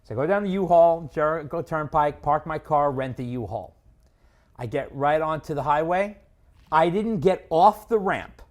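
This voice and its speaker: A man telling a story in casual podcast chat, animated, acting out other people's lines. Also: a little high, moderate pace. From Long Island. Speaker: podcast co-host.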